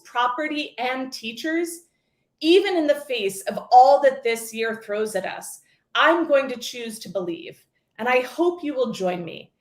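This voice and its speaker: A woman in her forties giving a scripted keynote talk, telling stories with lively acted quotes. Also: sits high, roomy sound. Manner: storytelling, expressive with acted quotes. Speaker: keynote speaker.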